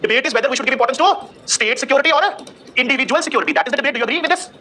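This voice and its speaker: A man's voice: very high-pitched, racing, bright, forceful tone. A man lecturing a class, quizzing the students with rhetorical questions.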